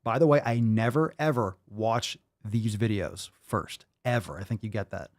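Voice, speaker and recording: A man's voice: on the low side, normal speed, no echo, clean studio sound. Profane, exasperated podcast host man. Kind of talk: casual ranting commentary.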